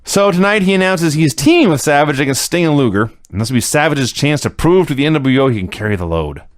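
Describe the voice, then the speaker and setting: Guy doing a podcast recap, dry jokes, bouncy pitch, close dry mic. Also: fast, no room sound. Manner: wry, deadpan jokes with frequent chuckles. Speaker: podcast co-host recapping wrestling. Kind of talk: casual podcast chat.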